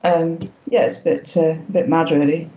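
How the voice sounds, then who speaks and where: A woman in her fifties talks casually as a podcast guest, pausing often and restarting her sentences. She sounds modest about her achievements. The audio is a touch dull and lo-fi. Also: low voice, fairly even intonation, warm tone. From Wales. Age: 50s. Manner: hesitant, lots of ums and restarts, self-deprecating. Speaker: guest, masters swimmer. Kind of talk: casual interview chat.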